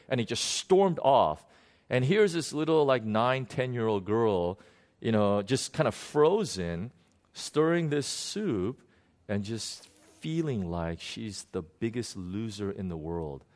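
A man telling a personal ministry story unscripted, earnest and halting, often restarting and repeating words. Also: on the low side, expressive, a little mellow. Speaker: minister recounting a prayer session.

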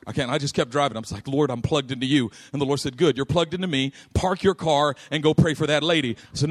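Speaking a little fast with hardly any pauses, a preacher shares a personal story in his sermon and acts out the voices in it. His volume sinks low and soft at quiet points and rises to shouts at the climaxes.

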